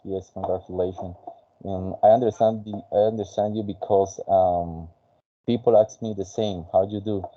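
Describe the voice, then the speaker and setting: A man whose first language is Spanish, teaching an English conversation class in a halting way with many fillers. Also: low voice, steady tone, dull audio.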